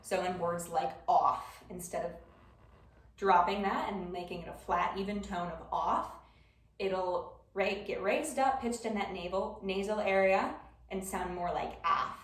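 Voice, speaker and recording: In a relaxed class presentation, a young Wisconsin-accented student speaks informally and chattily, often pausing with "um." She's unhurried, with a mid-range voice. The mic sits far off in a roomy classroom.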